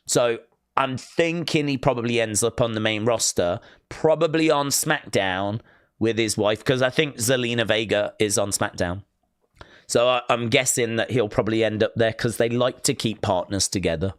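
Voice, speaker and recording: Male streamer, mid-pitched, dry close mic, rambling and reading out chat. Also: normal speed, clear, resonant tone, no room sound. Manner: chatty, reads viewer comments aloud. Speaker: live stream host. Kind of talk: casual watch-along chat.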